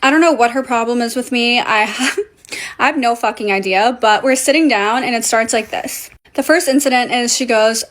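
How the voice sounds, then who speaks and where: A young woman whose first language is Portuguese, telling a casual story in a blunt, profane, animated way. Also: fairly high pitch, moderate pace.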